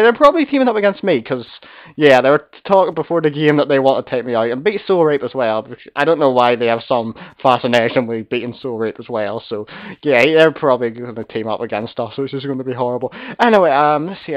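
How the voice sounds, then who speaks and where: A young man commentating his own game play, chatty and excitable, gasping and yelling when danger comes. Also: mid-range voice, dry recording, highs cut off. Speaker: gamer commentator. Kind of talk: gameplay commentary.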